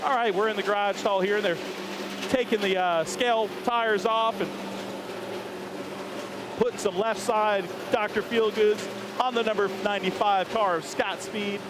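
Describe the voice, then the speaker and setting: A man's voice: high-pitched, steady tone, normal speed. A man hosting a walking tour of a race garage, chatting upbeat and joking with crew members outdoors. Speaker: host. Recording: faint outdoor background noise.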